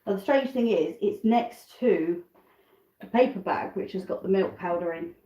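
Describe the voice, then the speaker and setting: A woman's voice: medium pitch, normal speed, mellow, roomy sound, poor audio. A British woman chatting casually on a live stream from her home kitchen, rambling between tasks and asides. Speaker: backyard chicken keeper hosting a live stream.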